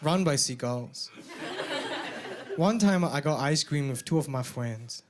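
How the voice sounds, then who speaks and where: A man performing a stand-up comedy set, animated and bursting into shouted punchlines. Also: a little high, a little slow, noisy background. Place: comedy venue with a live audience.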